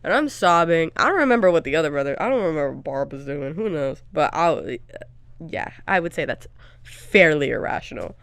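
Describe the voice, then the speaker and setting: A young woman co-hosts a casual podcast, telling candid stories full of filler words. Her voice sits low with a gravelly edge, yet stays smooth and full. The recording is close and dry. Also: lively intonation, brisk, fairly bright tone, no room sound. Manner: candid, frank storytelling with frequent fillers. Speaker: podcast co-host. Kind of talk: casual chat.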